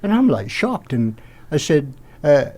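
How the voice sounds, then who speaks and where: Older aussie bloke rambling through a story, acts out what people said. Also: male voice, on the high side, measured pace. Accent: Australian. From Australia. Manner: rambling, animated retelling with acted-out quotes. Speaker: podcast guest. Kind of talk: anecdotal storytelling.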